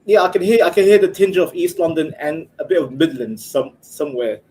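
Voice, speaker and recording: A man's voice: a little high, expressive, brisk, darkish tone, rough recording. A man in a casual chat who jokes, laughs often and stumbles through restarts.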